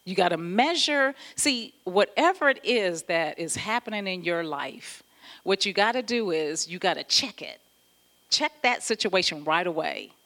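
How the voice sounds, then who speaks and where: A woman pastor giving an animated, conversational sermon, often laughing as she talks. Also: lowish voice, unhurried.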